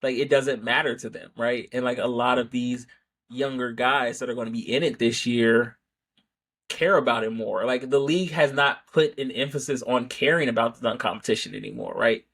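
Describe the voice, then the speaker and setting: A man's voice: medium pitch, moderate pace, a bit bright. Rambling male sports podcast host. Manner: rambling, self-correcting, rhetorical "right?" asides. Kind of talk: casual sports opinion monologue.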